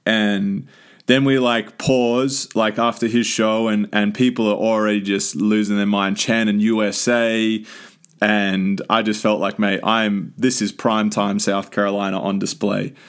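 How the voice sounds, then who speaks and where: A man's voice: lowish voice, little pitch movement, unhurried, clear, resonant tone. A young man with an Australian accent, telling a rambling, enthusiastic story as a podcast host with lots of restarts. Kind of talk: casual storytelling monologue.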